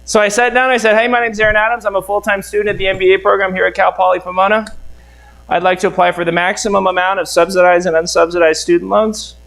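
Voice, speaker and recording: A man's voice: high-pitched, level tone, fast, vocal fry, a bit bright, rough recording. A middle-aged man from the United States, a real estate mentor, telling a seminar story and acting out both sides of the conversations.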